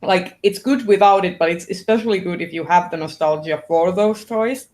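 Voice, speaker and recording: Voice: mid-range voice, moderate pace, darkish tone. A guest on a casual livestream chat, talking with plenty of fillers. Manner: chatty, filler-heavy.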